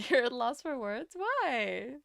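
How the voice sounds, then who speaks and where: A young woman from Latvia, a streamer chatting casually with her chat while she draws, rambling and answering with quick laughs. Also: a little high, big pitch swings, vocal fry, dry recording. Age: young adult.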